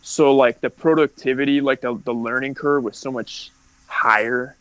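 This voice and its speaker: A man's voice: mid-range voice, steady tone, moderate pace, fairly bright tone, dry recording, poor audio. A young man from California telling his life story as a podcast guest, candid and rambling, full of likes and restarts. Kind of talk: casual storytelling.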